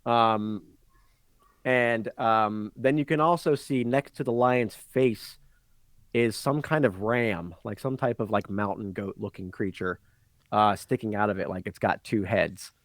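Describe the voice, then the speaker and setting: A man's voice: fairly low pitch, a little slow, dry recording. A man narrating a tabletop game as game master, rambling and giggly, full of ums and likes.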